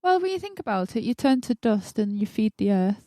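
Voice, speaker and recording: A woman's voice: a little high, sing-song, warm tone, no echo, clean studio sound. A woman co-hosting a podcast in casual chat, teasing her partner. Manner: teasing, quick to laugh. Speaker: podcast co-host. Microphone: podcast microphone.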